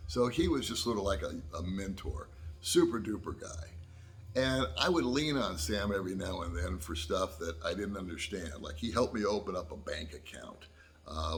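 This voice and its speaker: An older American man with a lowish, creaky voice vlogs a personal story in a folksy, casual way. He laughs at himself and drifts into slow, drawn-out asides.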